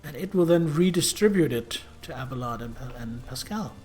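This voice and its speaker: Man streaming a game, chatty and animated. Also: a little high, normal speed, over music. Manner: chatty, muttering through turns with excited outbursts. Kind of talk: live gameplay commentary.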